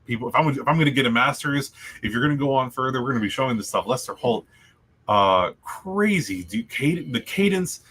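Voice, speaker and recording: Young man rambling on student radio, bright voice. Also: mid-range voice, expressive, brisk, slightly rough. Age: young adult. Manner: rambling, self-correcting, jokey. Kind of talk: casual chat.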